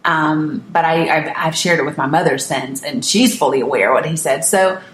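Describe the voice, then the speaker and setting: A woman's voice: sits low, normal speed, reverberant, slight background noise. A woman from Northeast Tennessee telling a personal family story to camera, candid and emphatic, often restarting her sentences. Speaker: vlogger.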